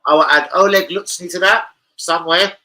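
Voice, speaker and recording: A man's voice: high-pitched, fairly even intonation, brisk, bright, forceful tone, poor audio. A young man hosting a live football stream, rambling and swearing as he bants with his chat. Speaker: football channel livestream host.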